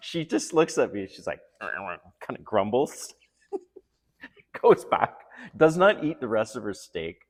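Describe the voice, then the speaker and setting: A man's voice: fairly low pitch, wildly swooping pitch, slow pace, pauses often. A middle-aged man hosting a casual dating-advice vlog, telling stories in a chatty way and chuckling often.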